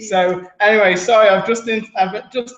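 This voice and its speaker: A man's voice: high voice, fairly bright tone, muffled recording. A man co-hosting a live online sales webinar, chatty and casual, with frequent fillers and jokey asides. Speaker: webinar co-host.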